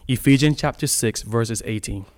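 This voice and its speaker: A man's voice: medium pitch, normal speed, a little mellow. A man preaching a sermon in a church, talking in a loose conversational way, laughing often and stretching out the words he wants to stress.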